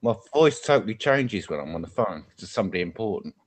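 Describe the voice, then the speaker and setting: A man's voice: lowish voice, animated, fast talker. A man chatting casually, hesitant and full of fillers. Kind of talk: casual group chat.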